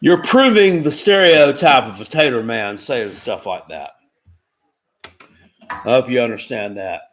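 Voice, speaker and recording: Slow-talking profane man. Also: mid-range voice, lively intonation. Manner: profane, rambling, folksy. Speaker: livestream watchalong host. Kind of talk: casual live-stream chat, reading comments.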